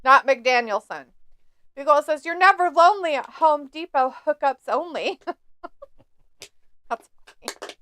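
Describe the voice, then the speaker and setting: Giggly high-voiced woman reading chat. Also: expressive, takes it slowly, pauses often, fairly bright tone, no echo. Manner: laughs often, reads viewer chat aloud. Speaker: live stream co-host. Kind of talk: casual watch-along chat.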